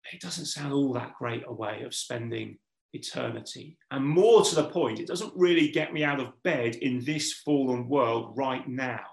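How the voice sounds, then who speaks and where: A man's voice: mid-range voice, moderate pace, gravelly. A man preaching a sermon, earnest and putting questions straight to his listeners. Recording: echoey room.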